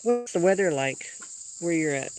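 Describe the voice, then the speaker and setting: A livestream host rambles cheerfully across topics with her viewers from her home kitchen and backyard, switching into sing-song baby talk for her dogs. She speaks at normal speed in a lowish, animated, slightly mellow voice, with faint music behind her.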